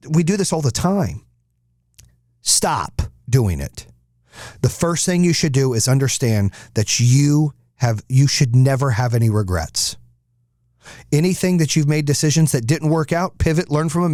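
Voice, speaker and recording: A man's voice: mid-range voice, moderate pace, darkish tone, no room sound, clean studio sound. A man hosting a podcast, giving a blunt, profane, fired-up motivational monologue. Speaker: podcast host.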